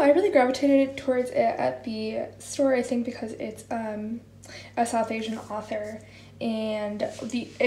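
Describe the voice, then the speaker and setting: A woman's voice: fairly high pitch, mellow, slight background noise, low-quality recording. A woman in her twenties talking casually to her phone camera in a self-deprecating, chatty vlog. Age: 20s. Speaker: vlogger.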